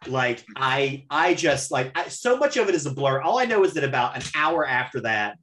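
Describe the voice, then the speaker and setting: Hosting a laid-back podcast, this man spins lively stories and curses freely. His pitch is medium and his speed normal.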